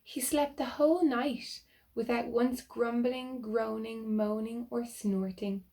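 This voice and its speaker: A woman reading a picture book aloud to children, animated and asking them questions. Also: fairly high pitch, slow pace. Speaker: children's storyteller.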